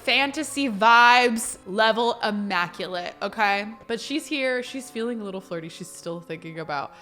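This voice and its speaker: A woman's voice: on the high side, lively intonation, normal speed, pushed and bright, faint music behind. A woman giving gossipy, dramatic let's-play commentary on a life-sim game as the channel host. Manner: gossipy, dramatic, laughs often. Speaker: gaming YouTuber.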